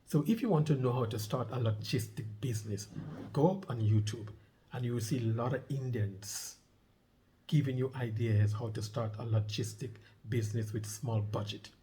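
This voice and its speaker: A man's voice: mid-range voice, moderate pace, dark tone, a little hiss or hum. Man, middle-aged, emphatic, repeats himself, casual commentary on a news article. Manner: emphatic, repeats key points, asks listeners to underline words. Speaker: vlogger.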